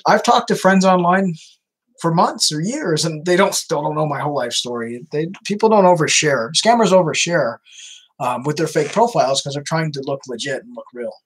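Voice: medium pitch, slightly rough, low-quality recording. A video host answering viewer questions in a casual chat, talking loosely with many restarts. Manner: chatty, repeats "you know", frequent restarts.

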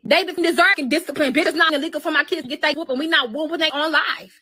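A woman's voice: high-pitched, fast talker, sharp tone. Cursing, confrontational woman on a live stream. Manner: cursing, confrontational, dialect-heavy. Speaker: live-stream influencer in a played clip. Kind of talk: heated live-stream rant.

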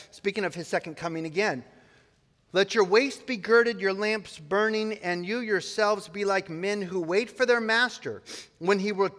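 Male pastor, high voice, expository preaching, church hall reverb. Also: a bit bright. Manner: expository preaching, reading scripture aloud. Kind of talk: sermon. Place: church sanctuary.

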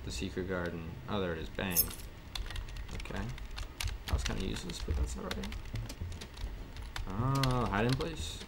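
A man's voice: on the low side, very animated, normal speed, vocal fry, long pauses, very noisy. A man hosting his own gaming channel, giving casual let's-play commentary and joking back at the game's characters. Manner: jokey, talks back to game characters. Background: game music.

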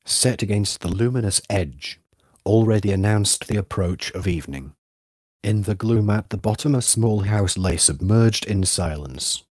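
A man narrating a literary novel as an audiobook in a measured, even way. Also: on the low side, no echo, clean studio sound.

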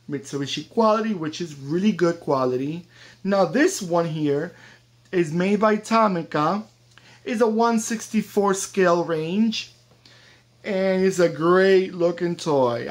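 An American toy collector reviewing a diecast model car in a casual vlog, chatty and enthusiastic, with the odd joke. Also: medium pitch. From United States.

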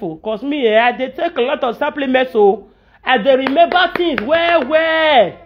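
A woman's voice: high-pitched, muffled recording. A woman with a Nigerian accent giving an emotional monologue to camera, pleading and ranting, slipping into chanted lines in a local language. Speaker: social media personality.

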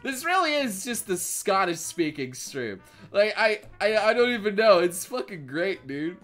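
A man streaming live, chatting casually with his viewers in a laid-back way that often trails off quietly. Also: high-pitched, big pitch swings, unhurried, faint music behind.

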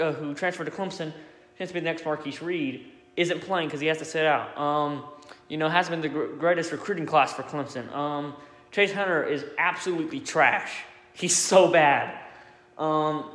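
Male sports vlogger, higher-pitched, blunt and exasperated ranter, recorded in a reverberant room. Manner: exasperated, blunt, animated rant with frequent fillers. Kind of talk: ranting sports commentary. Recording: echoey room with long reverb.

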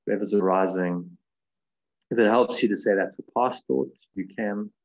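A man leading a meditation course over a video call, teaching gently and unhurriedly, thinking aloud with soft fillers. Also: on the low side, moderate pace, creaky, low-quality recording.

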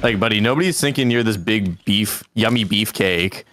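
A man's voice: lowish voice, normal speed, a bit bright, a little hiss or hum. A young man chatting casually while gaming on a stream, laid-back and joking, rambling with lots of "like".

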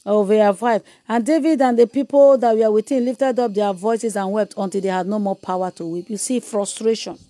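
A woman evangelist, preaching a sermon with emphatic repetition and moving into loud prayer and speaking in tongues. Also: mid-range voice, fairly even intonation, normal speed, few pauses.

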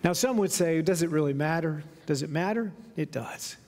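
A male pastor preaching a sermon, retelling stories as he goes and slowing down to stress key points. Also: a little high, a little mellow. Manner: storytelling preacher, slows down for emphasis. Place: church sanctuary. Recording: long reverb of a church hall.

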